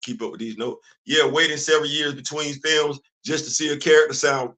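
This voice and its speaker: A man hosting a comics show, talking casually to his viewers in an animated way, repeating himself and getting loud when worked up. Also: fairly high pitch, a little fast, hardly any pauses, poor audio.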